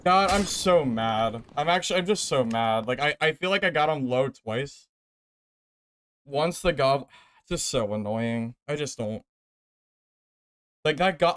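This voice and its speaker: A man's voice: on the high side, a bit bright, no room sound. A man streaming a video game, ranting about his gameplay in exasperated, frustrated commentary.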